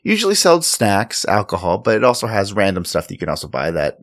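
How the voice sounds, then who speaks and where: A man's voice: lowish voice, huge pitch swings, fast talker. A man, co-hosting a casual tabletop game podcast, joking and laughing often. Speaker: podcast co-host and player.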